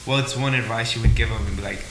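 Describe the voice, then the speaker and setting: A man co-hosting a casual podcast chat, asking quick questions in a playful manner. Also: mid-range voice, fairly even intonation, a bit bright, reverberant, rough recording.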